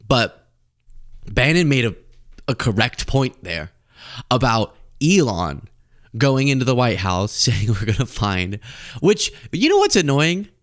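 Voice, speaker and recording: Young man, show host, comedic political commentary, very lively pitch, animated, acts out scenes. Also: unhurried.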